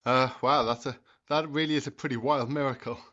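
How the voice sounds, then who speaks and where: A man's voice: mid-range voice, steady tone, fairly quick, sharp tone, highs cut off. A man presenting a history explainer, narrating in a dry, skeptical manner between comic exchanges.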